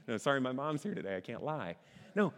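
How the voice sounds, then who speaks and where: Conversational pastor preaching in a reverberant hall. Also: male voice, mid-range voice, very animated. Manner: conversational, asks the audience questions, stresses words by slowing down. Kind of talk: sermon.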